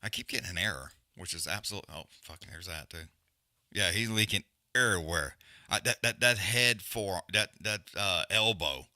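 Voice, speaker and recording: A man's voice: low-pitched, normal speed, sharp tone, dry recording, clean studio sound. Profane man doing live fight chat. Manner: profane, rambling, frustrated with stream glitches. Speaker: livestream host. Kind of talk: casual live fight commentary.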